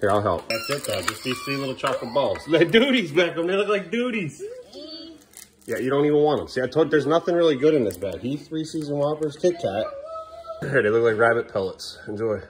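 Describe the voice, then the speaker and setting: A man's voice: medium pitch, very animated, a little fast, a crowd in the background. A man filming a casual family vlog at home, coaxing and joking with his children as he hurries them through bath time. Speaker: father filming his kids.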